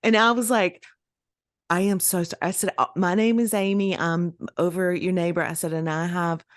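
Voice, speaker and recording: Lively woman telling a story. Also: lowish voice, normal speed, dry recording, clean studio sound. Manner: animated, laughing, acts out quoted voices. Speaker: podcast co-host. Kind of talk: casual storytelling chat.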